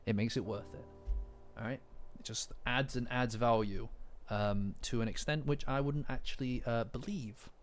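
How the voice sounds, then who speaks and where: A man's voice: medium pitch, moderate pace, soft background music. A man streaming a casual chat, rambling and joking at his own expense. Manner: rambling, self-mocking, joking.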